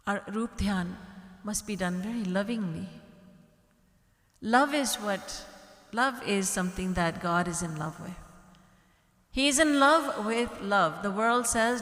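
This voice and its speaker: A woman spiritual teacher giving a gentle devotional discourse, softly quoting prayers. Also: mid-range voice, a little slow. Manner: gentle, devotional, quotes prayers in a soft pleading tone. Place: large hall at a retreat. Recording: echoey hall with long reverb.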